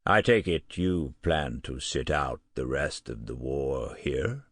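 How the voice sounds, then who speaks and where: A blunt, gruff professor with an American accent, as a male narrator puts him on. The voice sits deep and low, and the delivery is dry and close, like a storybook reading. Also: animated, slow pace, dry recording, full character voice.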